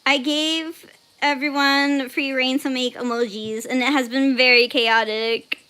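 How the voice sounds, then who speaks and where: High, bright-voiced young woman streamer. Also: steady tone, measured pace, clean tone. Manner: reads chat messages aloud, laughs often, squeals when surprised. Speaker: art livestream host. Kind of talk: casual livestream chat while drawing.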